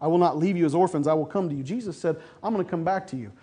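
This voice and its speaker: A man preaching a sermon as pastor, asking his congregation questions and answering them, building to loud emphasis and then dropping soft. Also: a little high, very fast, husky.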